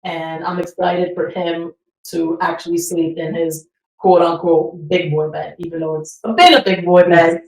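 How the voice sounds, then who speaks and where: A woman's voice: lowish voice, flat delivery, unhurried, roomy sound, recorded from a distance, low-quality recording. A woman in her thirties co-hosting a podcast, talking casually and swearing easily. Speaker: podcast co-host. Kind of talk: casual chat.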